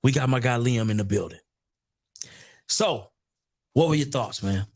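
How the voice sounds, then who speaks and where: Energetic man hosting a live stream. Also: medium pitch, a little slow, no echo, clean studio sound. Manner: energetic, chatty, repeats himself. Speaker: host.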